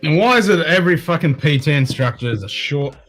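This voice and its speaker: A man's voice: a little high, lively intonation, fast talker, fairly bright tone, faint music behind. Laid-back man, swearing freely. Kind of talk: casual pub-style chat with swearing.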